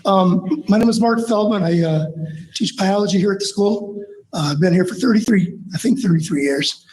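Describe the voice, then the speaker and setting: A man's voice: sits high, moderate pace, darkish tone. Emotional, rambling middle-aged man. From Michigan. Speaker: teacher and coach. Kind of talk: public comment at a school board meeting. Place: large meeting room. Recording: echoey meeting hall.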